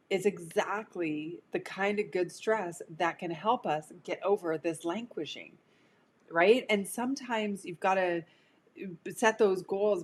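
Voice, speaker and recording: A woman's voice: on the low side, a little hiss or hum. A woman coach talking casually on a live stream, chatty and prone to digressions. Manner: chatty, digressive, laughs easily. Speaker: career coach.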